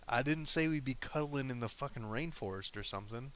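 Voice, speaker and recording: A man's voice: mid-range voice, fairly quick, hardly any pauses, background noise. A man streaming, chatting casually, crude, joking and argumentative. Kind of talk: casual chat with live chat.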